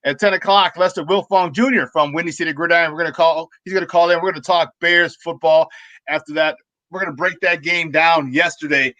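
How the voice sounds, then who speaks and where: Man, sports talk host, rambling animated stories, bright forceful voice, dry sound. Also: fairly high pitch, fairly quick, dry recording. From Chicago. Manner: rambling, animated anecdotes with restarts. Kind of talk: casual sports talk storytelling.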